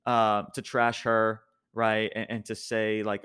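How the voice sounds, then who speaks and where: A man's voice: fairly low pitch, steady tone, measured pace, a bit bright, smooth. A young man casually recapping a wrestling show as a podcast host, rambling with many restarts and frequent laughs.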